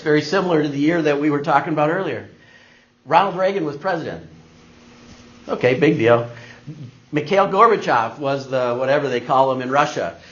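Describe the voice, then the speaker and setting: A middle-aged man giving a talk, telling a personal story to an audience and acting out the people he quotes. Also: fairly high pitch. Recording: dull lo-fi recording.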